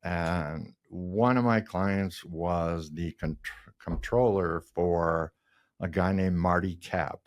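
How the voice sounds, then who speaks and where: A man's voice: sits low, steady tone, slow pace. A man in his sixties from the Minneapolis area, a designer guest telling rambling anecdotes in a casual interview. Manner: rambling anecdotes with laughs and mimicked voices.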